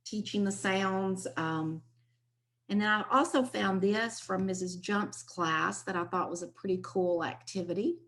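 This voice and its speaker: A woman's voice: medium pitch, a little slow, fairly bright tone, poor audio. A woman giving an online presentation to teachers, chatty and enthusiastic, with asides about her slides.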